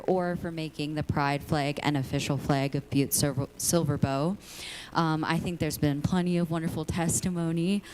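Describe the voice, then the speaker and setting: Casting: very low female voice, friendly commenter, faint hiss. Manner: friendly, with fillers. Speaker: public commenter. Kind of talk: public comment at a council meeting.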